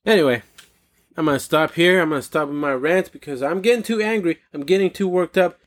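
A fairly high-pitched man hosts a podcast alone and rants with heat. He swears freely and hammers his points home by repeating them. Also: lively intonation, a little fast. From United States. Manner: heated, swearing, repeating lines for emphasis. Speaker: podcast host. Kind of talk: solo profane rant.

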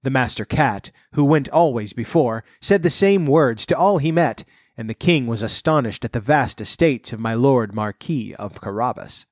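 Man reading a storybook, wry and measured. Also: mid-range voice, lively intonation, dry recording, studio quality. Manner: measured narration with wry asides.

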